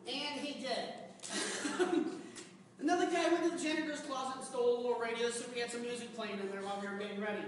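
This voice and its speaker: A man giving a humorous personal story speech to a club audience, animated and laughing along as he tells it. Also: very high-pitched, fairly quick, background noise. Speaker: speaker at a public speaking club. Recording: echoey hall, recorded from far off.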